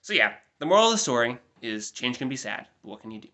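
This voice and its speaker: A man's voice: mid-range voice, sing-song, fast, sharp tone. A man in his twenties with an American accent, giving a rambling, chatty life update with self-deprecating asides. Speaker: vlogger. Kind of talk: casual diary-style life update.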